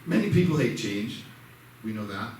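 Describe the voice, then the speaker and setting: In a church sanctuary, a man with a lowish, slightly mellow voice and lively intonation gives a casual lesson at normal speed, sharing personal stories. He's conversational and self-deprecating, acting out quoted dialogue. The hall echoes, with a distant mic and faint noise.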